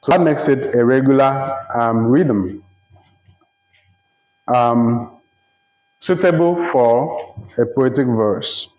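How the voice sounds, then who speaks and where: A man teaching a literature lecture, explaining slowly and deliberately, repeating phrases and checking that listeners follow. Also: medium pitch, a little mellow. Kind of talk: recorded lecture. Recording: roomy, dull lo-fi recording.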